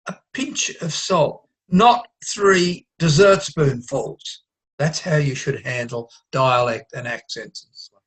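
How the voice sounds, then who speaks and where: A man giving an online lesson on writing dialogue, explaining in an easygoing way and sometimes acting out quick bits of overheard chatter. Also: medium pitch, a bit bright. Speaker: writing teacher.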